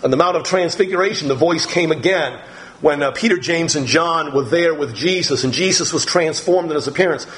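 A middle-aged man preaches a sermon, walking his listeners through scripture. His voice sits a little high, and his delivery is slow and deliberate, full of pauses and small fillers. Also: fairly bright tone, low-quality recording. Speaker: pastor.

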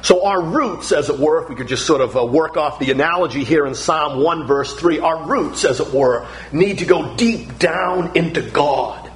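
A man's voice: a little high, normal speed, hardly any pauses, slight background noise, poor audio. A middle-aged man preaching a sermon, emphatic and building through repeated phrases.

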